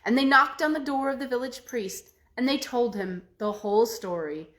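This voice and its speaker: A woman storyteller telling a folk tale aloud in an expressive way, with slow dramatic pauses. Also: a little high.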